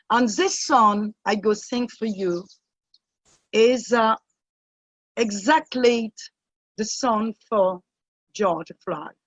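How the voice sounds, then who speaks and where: Woman w french accent, talks super slow n halting, muffled call sound. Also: on the high side, dry recording. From Martinique. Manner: halting, earnest broken English. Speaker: guest singer. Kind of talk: online event performance. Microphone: video call.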